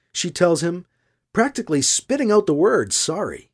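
Expressive audiobook narrator. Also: medium pitch, normal speed, breathy edge. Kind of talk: scripted narration.

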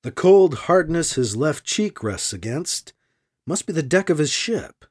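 A man reading a science fiction story aloud as narrator, expressive and animated. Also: a little high, a little slow, husky. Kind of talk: audiobook narration.

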